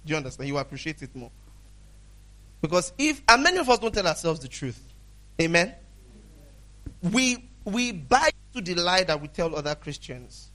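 A male pastor with a notably high voice preaches a sermon. He talks in a conversational way, acts out little dialogues with people and laughs often. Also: a bit bright.

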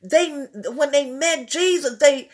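A woman's voice: sits high, lively intonation, slow. A woman preaching a sermon, fervent and repetitive, building into emotional crying out.

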